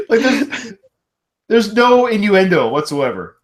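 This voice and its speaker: A man in his thirties co-hosting a podcast, chatting casually about a film, laughing often and quoting lines with excitement. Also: high-pitched. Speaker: podcast co-host.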